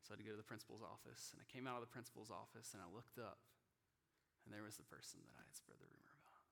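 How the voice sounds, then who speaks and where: A pastor preaching a sermon in an earnest, personal way, growing emotional and sinking to a hushed near-whisper at tender moments. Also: male voice, lowish voice, racing, creaky, in a large hall. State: emotional, choking up. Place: church sanctuary.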